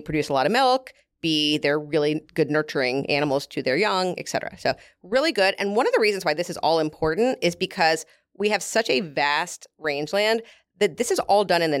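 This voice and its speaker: Lower-voiced woman as company guest, chatty and explanatory, dry close sound. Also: no echo. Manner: explains at length with fillers and hand gestures. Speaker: beef company representative. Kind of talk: casual explanatory interview talk.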